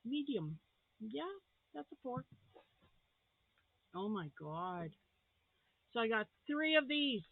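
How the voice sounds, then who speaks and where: A woman's voice: medium pitch, no room sound. Gushing woman unboxing crochet mail. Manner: gushing, gasping with delight. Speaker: crafting vlogger. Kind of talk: casual unboxing chat. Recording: tinny phone-like sound.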